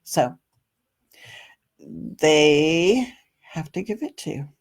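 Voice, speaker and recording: A middle-aged woman with a slightly low voice hosts a live advice show. She talks in a chatty, practical way, with filler words and small laughs, as she answers viewers' comments. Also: lively intonation, drawn-out words. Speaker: special education advocate and host.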